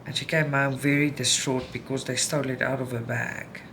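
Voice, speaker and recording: A woman's voice: very deep voice, little pitch movement, moderate pace. A South African woman chatting candidly to viewers at home while she stitches, venting and talking things through. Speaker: cross-stitch vlogger. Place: home room. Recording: home recording with background noise.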